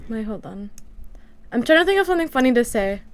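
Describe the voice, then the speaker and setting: Speaking quickly and with animation, a woman with a slightly high voice streams from her room at home. She rambles to her viewers in a casual chat, filling it with "like."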